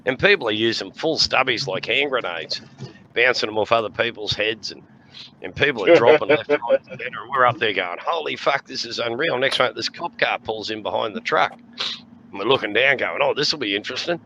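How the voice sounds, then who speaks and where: A man's voice: mid-range voice, a little fast, bright, forceful tone, muffled recording, slight background noise. An Australian man in his sixties telling rowdy stories in casual chat, laughing often and swearing freely. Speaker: podcast host.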